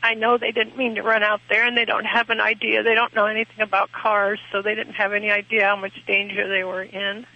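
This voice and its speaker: A woman calls in to a radio show and speaks quietly, in a subdued way. Her voice is flat and sharply bright. It comes through a dull lo-fi phone line. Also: mid-range voice, fairly quick, hardly any pauses. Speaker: caller.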